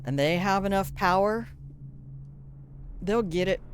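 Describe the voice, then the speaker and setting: A woman's voice: medium pitch, a little slow, a little hiss or hum. An older woman streaming a video game live, chatting casually, swearing now and then and reading in-game notes aloud. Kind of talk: casual live gameplay commentary.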